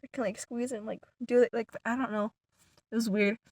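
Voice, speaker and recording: A woman's voice: a little high, fairly quick, no room sound. A woman telling a long story casually to her viewers, rambling with many "like" fillers and restarts, sometimes dropping to a whisper. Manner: animated retelling, some words dropped to a whisper. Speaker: vlogger.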